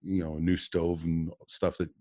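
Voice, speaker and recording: A man's voice: sits low, flat delivery, measured pace, warm tone, dry recording, studio quality. A man, a trapper guest on a podcast, telling rambling stories from his office and chuckling often. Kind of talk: casual podcast chat.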